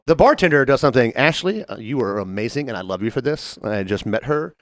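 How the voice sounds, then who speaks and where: A man tells a rowdy bar story at speed, his pitch jumping all over the place. He laughs often and acts out the voices of the people in it. The room sounds dry and close. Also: animated, fast, no echo. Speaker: podcast co-host. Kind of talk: casual storytelling chat.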